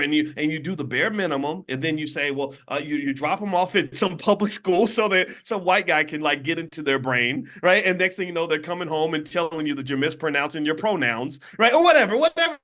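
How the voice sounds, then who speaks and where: Man, fairly high voice, host of a livestream talk on his phone; emphatic, preachy, addresses viewers directly. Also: expressive, brisk, hardly any pauses, bright, forceful tone. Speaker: financial commentator and channel host. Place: hotel room.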